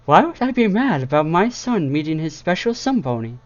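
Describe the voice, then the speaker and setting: A man's voice: fairly high pitch, sing-song, fairly quick, pitched above the performer's own voice. A man voicing a regal, motherly princess pony who teases her son, recorded on a dull lo-fi setup.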